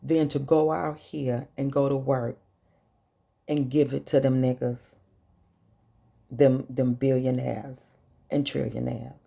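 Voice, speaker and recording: Slow gravelly woman with a Chicago accent. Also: a bass voice, little pitch movement, dark tone. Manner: slow, earnest and blunt, with profanity. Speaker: vlogger. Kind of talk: emotional direct-to-camera monologue.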